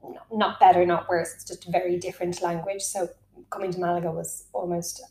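A woman hosting a podcast interview, relaxed and conversational, asking open questions. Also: fairly low pitch, fairly quick, a little hiss or hum. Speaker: podcast host. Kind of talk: casual interview chat. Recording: echoey room.

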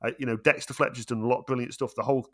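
A man's voice: mid-range voice, rapid-fire. A middle-aged man co-hosting a film podcast, emphatic and getting worked up in casual chat. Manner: animated, emphatic, rising when worked up. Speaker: podcast co-host.

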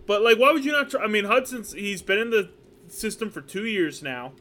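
Animated high-voiced podcast guy. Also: fairly quick. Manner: animated, joking, repeats himself. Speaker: podcast co-host. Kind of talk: casual sports podcast chat. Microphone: podcast microphone.

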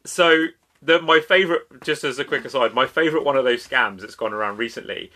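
A man's voice: medium pitch, a little fast, sharp tone. A man co-hosting a podcast, chatting casually about a film, sweary and jokey. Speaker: podcast co-host. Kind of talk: casual film review chat.

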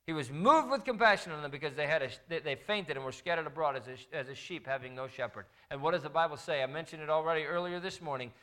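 Middle aged preacher man, fired up sermon, punchy bright voice. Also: a little high, quick pace, few pauses. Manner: impassioned, building to fervent emphasis. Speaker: pastor.

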